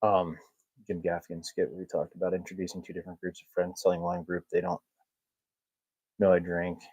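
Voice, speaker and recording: A low-pitched man hosting a laid-back podcast, rambling through loose stories with frequent chuckles. He jokes at his own expense. The recording is close and dry, with no room sound. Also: completely flat delivery, fast talker, a little mellow, husky, no echo, lo-fi sound. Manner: rambling, chuckles often, self-mocking humor. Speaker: podcast host. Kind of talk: casual chat.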